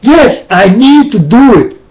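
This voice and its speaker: Slow, high-voiced man preaching warnings. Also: sing-song, darkish tone, highs cut off. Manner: intense, warning, repetitive preaching. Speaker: self-styled preacher. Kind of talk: webcam sermon. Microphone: webcam.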